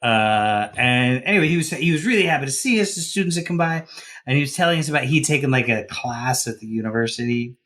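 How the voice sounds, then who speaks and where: A man from the Deep South telling a story on a podcast, rambling with many fillers and restarts. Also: lively intonation, fast talker, a bit bright. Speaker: podcast co-host. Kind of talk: casual storytelling.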